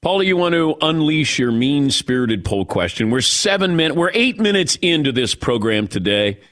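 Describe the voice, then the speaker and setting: A middle-aged man hosting sports talk radio with an animated, lively pitch. He chats casually and laughs often between points. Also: moderate pace.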